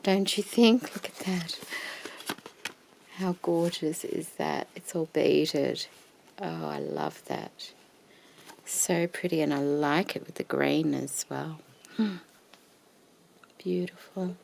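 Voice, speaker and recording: A woman craft vlogger showing off her purchases in a casual show-and-tell, gushing with admiration and often dropping into a soft whisper. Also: fairly low pitch, slow, creaky, a little hiss or hum.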